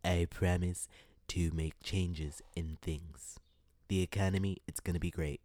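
A man's voice: low-pitched, fairly even intonation, a little slow, darkish tone. A man putting on an impression of a boastful older male politician who repeats grand, vague promises. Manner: repetitive bragging promises.

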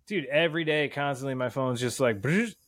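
A young man talking loosely on a podcast, swearing freely and circling back on his thoughts. His voice sits at an ordinary pitch and sounds close and dry, with little room in it. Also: fairly quick, a bit bright, no room sound. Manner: profane, rambling, laid-back. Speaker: podcast guest. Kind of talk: casual chat.

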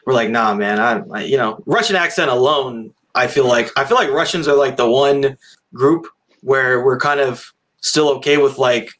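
A man's voice: mid-range voice, moderate pace, fairly bright tone. A man co-hosting a film review podcast, joking casually and laughing at his own points. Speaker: podcast co-host.

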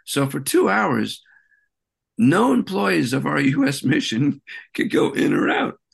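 Man, interview guest, gravelly voice, animated, rambling storyteller. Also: fairly high pitch, measured pace. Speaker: interview guest, peace activist. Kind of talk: conversational interview.

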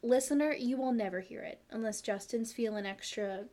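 Playful woman with a slightly high voice. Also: normal speed, mellow. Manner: playful and teasing, laughs often. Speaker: podcast co-host. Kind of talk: casual chat.

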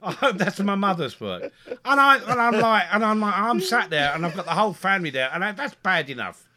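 A man telling a funny family story in a casual podcast chat, animated and chuckling, stumbling over his words as he gets excited. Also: sits high, a little fast. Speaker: podcast co-host.

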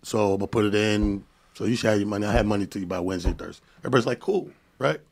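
A male comedian telling a story on a podcast in an animated, profane way, acting out the dialogue. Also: on the low side, racing, gravelly, husky. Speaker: comedian guest.

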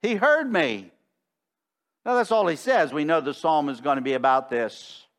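A middle-aged man preaching a sermon in a church, emphatic and slowing down to stress key phrases. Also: a little high, sing-song. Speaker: pastor. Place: church sanctuary.

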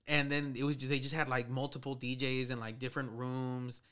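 Man, Chicano English accent, casual slangy talk, bright tone, smooth clear voice. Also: medium pitch, little pitch movement, a little fast. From Southern California. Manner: laid-back slangy talk, mixing Spanish into English. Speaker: podcast guest. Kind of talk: casual chat.

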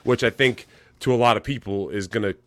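A man co-hosting a casual podcast, rambling and profane, dropping low and glum when he turns serious. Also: fairly quick, dry recording. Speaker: podcast co-host.

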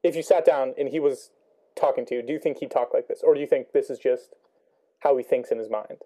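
Discussing a book chapter, a young male student speaks briskly in a mellow, mid-range voice. His casual delivery is full of ums and rhetorical questions as he works through his thoughts aloud.

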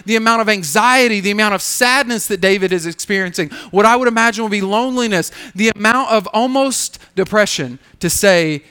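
A man with a fairly high, smooth and resonant voice preaching a sermon. He talks to the congregation like a friend, animated and conversational, throwing out one rhetorical question after another. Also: fairly quick, hardly any pauses. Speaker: pastor.

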